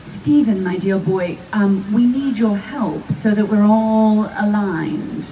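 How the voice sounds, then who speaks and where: A woman quoting a genteel older British gentleman. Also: medium pitch, slow, recorded from a distance, slight background noise, lightly acted, rough recording. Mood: polite. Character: genteel older British male actor, polite.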